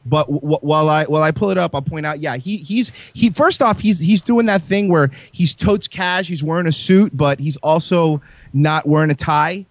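A man's voice: fairly high pitch, normal speed, no room sound. A man co-hosting a podcast in crude, casual banter, rambling and mocking, often stumbling over his words. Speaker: podcast co-host.

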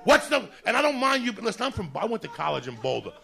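Male stand-up, bright gravelly voice, loud mocking profane rant. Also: high voice, big pitch swings, fast talker. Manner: loud, mocking, swearing constantly. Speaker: comedian.

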